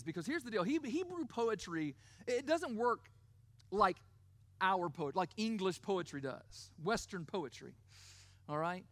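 A middle-aged male pastor giving a sermon. He stresses key words, slows down to repeat them, and often checks in with "right?". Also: very high voice, fairly bright tone, dry recording. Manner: emphatic, repeats key words slowly, asks the crowd "right?".

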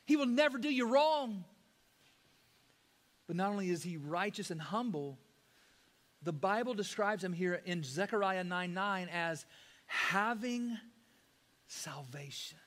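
High-voiced preaching man. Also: expressive, measured pace, long pauses. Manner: preaching with sudden loud rises and soft drops; conversational, addresses listeners as guys. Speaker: pastor. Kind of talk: sermon.

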